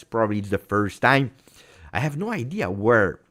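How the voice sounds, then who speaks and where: A middle-aged man with an Italian accent hosts a casual football livestream. His voice sits low, and he talks in an animated way, repeating phrases for emphasis. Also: moderate pace. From Italy. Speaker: football channel host. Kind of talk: casual livestream chat with viewers.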